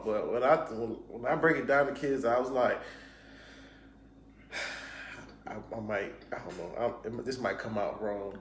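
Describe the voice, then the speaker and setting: A man who teaches high school, speaking in casual podcast chat, hedging his points and then getting animated, with slang like "you feel me". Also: roomy sound, slight background noise.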